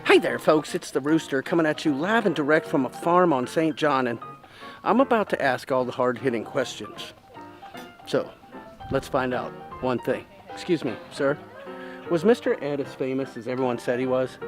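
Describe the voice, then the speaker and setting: A man playing a goofy male roving reporter who questions farm animals in a mock-serious, deadpan way. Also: mid-range voice, moderate pace, music in the background, voice pushed down, natural voice. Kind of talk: comedic sketch narration.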